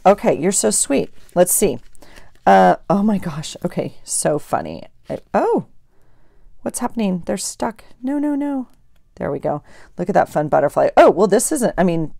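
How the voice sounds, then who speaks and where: A woman's voice: fairly low pitch, lively intonation, moderate pace, vocal fry, warm tone, no echo, clean studio sound. A woman vlogger chatting casually at her craft desk, thinking aloud as she journals and opens mail. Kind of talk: casual chat while journaling.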